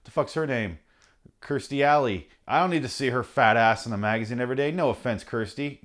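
A man in a heated comic rant, sarcastic and profane, his anger boiling over into bursts of mockery. He jumps from grumbling to shouting and cuts in with quick mocking impressions. His pitch sits in a middling range. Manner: angry, sarcastic, heavy swearing; mocking put-on voices in quotes. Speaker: podcast host reading his rants.

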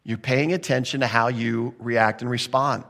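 A man preaching a sermon in a conversational way, with quick acted asides and rising emphasis. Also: mid-range voice, fairly even intonation, creaky, fairly bright tone. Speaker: pastor.

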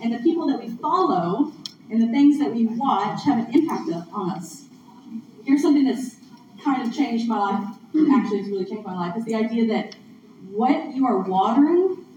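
A woman's voice: on the high side, warm tone. Woman preaching in an echoey hall. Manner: conversational, earnest, laughs along with audience. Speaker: speaker at a church gathering. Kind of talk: sermon. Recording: distant echoey room mic, muffled, noisy.

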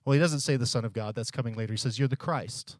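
A man's voice: medium pitch, rapid-fire, dry recording. A male pastor preaching a sermon in a conversational teaching manner, repeating his questions for emphasis and briefly acting out the Bible's dialogue.

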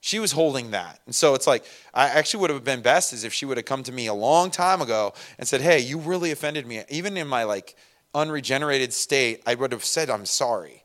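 A man preaching a relaxed, conversational sermon, full of asides and personal stories. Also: mid-range voice, a little fast. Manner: conversational, many fillers and asides. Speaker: pastor. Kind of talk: casual sermon.

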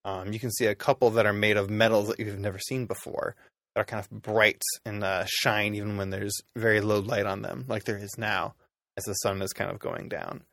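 Game master, man, lowish voice, rambling casual narration, dry close sound. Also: little pitch movement, brisk, gravelly, fairly bright tone, no echo. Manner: loose, rambling, lots of ums.

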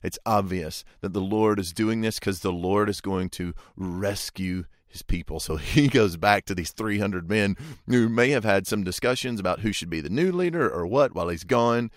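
A man's voice: lowish voice, animated, moderate pace, no echo, clean studio sound. A man preaching a sermon, retelling a story in a folksy, conversational way and asking listeners rhetorical questions. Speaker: pastor.

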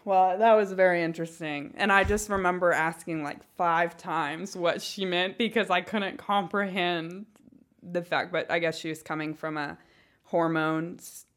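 A woman with a Northwest Arkansas accent chats casually on a podcast, giggling often and thinking aloud with many fillers. Her voice is lowish, with a steady tone and a moderate pace.

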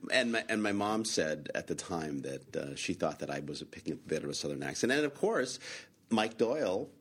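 A man's voice: low-pitched, sing-song, fairly quick, slightly rough. A man hosting a podcast in casual chat, with dry, understated humor. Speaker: podcast host.

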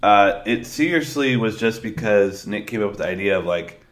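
Man, podcast co-host, hoarse sick voice, coughing, bright sharp tone, joking, casual chat. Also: lowish voice, animated, normal speed. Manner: joking, laughs easily.

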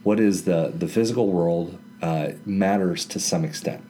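A man's voice: low-pitched, moderate pace, mellow, slight background noise. A man co-hosting a casual Bible study chat in a library, explaining ideas with everyday examples. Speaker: co-host discussing scripture.

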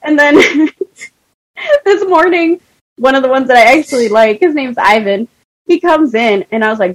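A young woman co-hosting a podcast, telling stories in profane, animated casual chat. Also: high voice, normal speed, long pauses, no echo, poor audio. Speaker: podcast co-host.

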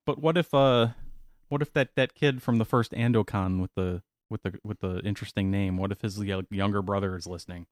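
A man's voice: lowish voice, brisk, no room sound, studio quality. A man hosting a casual podcast, joking, laughing often and reading out news items. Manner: jokey, laughs often, voice jumps up when excited. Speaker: podcast host.

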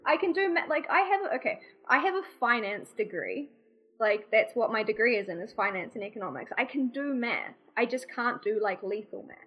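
A woman's voice: on the high side, expressive, brisk, slightly rough, highs cut off. A young woman with a New Zealand accent chatting casually on a podcast, rambling with lots of fillers and poking fun at herself. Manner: rambling, many fillers, self-deprecating. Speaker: podcast co-host. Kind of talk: casual chat.

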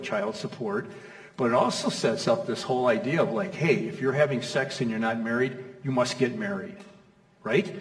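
A middle-aged male pastor preaching a sermon in a conversational, storytelling way, acting out quoted voices, in a church hall. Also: medium pitch. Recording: echoey hall from far off.

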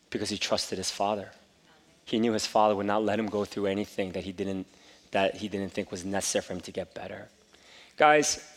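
A middle-aged pastor preaching a sermon, telling a personal story and building to emphatic exhortation. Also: male voice, fairly low pitch. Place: church sanctuary. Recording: long reverb of a church hall.

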